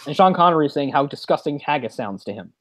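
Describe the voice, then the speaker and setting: A man's voice: fairly high pitch, no echo. Rambling, dry-sounding male podcast host. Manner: rambling, animated, quick laughs. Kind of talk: casual movie chat.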